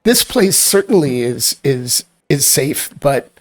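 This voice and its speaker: A man voicing a frightened young woman who begs for help to find her kidnapped brother, speaking in halting, tearful pleas. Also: mid-range voice, big pitch swings.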